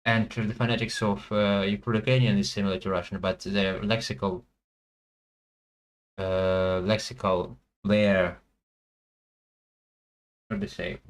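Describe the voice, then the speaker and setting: A man thinking aloud as he plays a language guessing game, hesitant and full of pauses and fillers. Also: lowish voice, steady tone, low-quality recording. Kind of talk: thinking aloud while playing.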